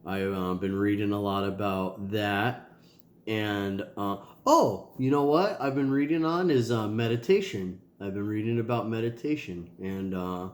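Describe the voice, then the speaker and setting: The voice is a man's, lowish and darkish, nasal, echoing in the room. He comes across as a tired, sore father rambling casually to his kids in a video diary, with loose delivery and plenty of ums and sighs.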